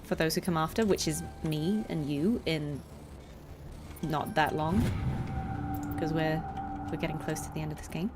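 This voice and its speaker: A woman's voice: low-pitched, fairly even intonation, moderate pace, long pauses, background noise. A woman voice actor chatting through a game with lots of fillers and rambling asides. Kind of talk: casual let's-play commentary. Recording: game sounds under the voice.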